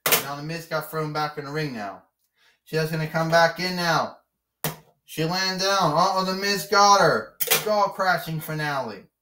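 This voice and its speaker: Excitable man doing slow play-by-play for a pretend wrestling match, distant mic in an echoey room. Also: on the high side, background noise. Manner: excitable, with sudden shouts. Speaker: narrator of a toy wrestling match. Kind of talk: play-by-play commentary. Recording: roomy, mic far off.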